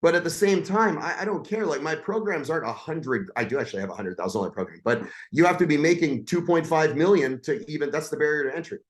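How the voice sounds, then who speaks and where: A man with a fairly high voice talks in a brash, swaggering way, dropping curses as he sells his coaching. He sounds like a confident salesman chatting on a podcast. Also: animated. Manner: brash, swearing, fast-talking salesman. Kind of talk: casual podcast talk.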